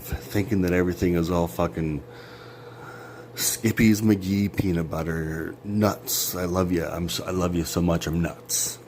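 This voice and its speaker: A deep, dark-toned man vlogs into his phone or camera, delivering a rambling, sarcastic rant full of profanity. His jumpy monologue is broken by sudden laughs, and a little hiss or hum sits under the audio.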